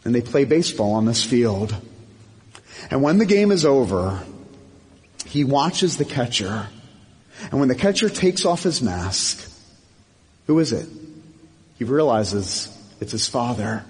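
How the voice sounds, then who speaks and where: A man's voice: sing-song, measured pace, pauses often. A man preaching a sermon as pastor, impassioned and building in emphatic runs. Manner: impassioned, swelling louder and higher in emphatic runs. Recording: long hall reverb.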